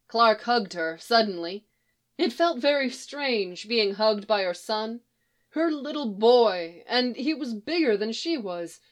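A woman narrating a story in an even, unhurried read-aloud. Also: a little high.

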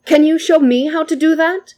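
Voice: sits high, fairly even intonation, normal speed, a little mellow, voice pushed up, close to an everyday voice. A storyteller voicing an innocent, polite young boy asking earnest questions. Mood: curious.

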